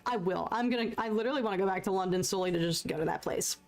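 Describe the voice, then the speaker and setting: A young American woman chatting casually and excitably while painting on a live stream, joking at her own expense and answering viewers. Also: mid-range voice, racing. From United States. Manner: chatty, excitable, self-deprecating, reads chat aloud.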